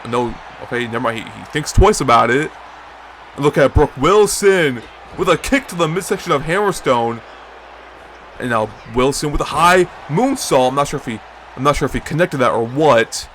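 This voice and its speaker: With a faint hiss or hum behind him, a young man delivers excited commentary on a video game wrestling league. His voice jumps to high shouts for the big moves, then drops back to casual chat with viewers.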